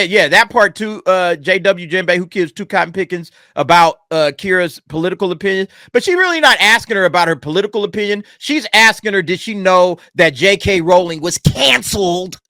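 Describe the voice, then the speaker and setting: A man's voice: high-pitched, sharp tone, dry recording, studio quality. A man hosting a casual reaction commentary, talking animatedly and profanely back at a clip. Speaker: commentary channel host.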